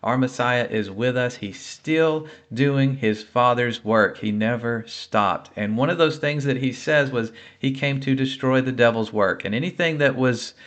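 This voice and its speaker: A man recounts his faith testimony in an earnest, conversational way. His voice sits at an ordinary middle pitch, and he often restarts and fills pauses as he talks. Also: fairly bright tone. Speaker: ministry speaker sharing a healing testimony. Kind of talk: personal faith testimony told to camera.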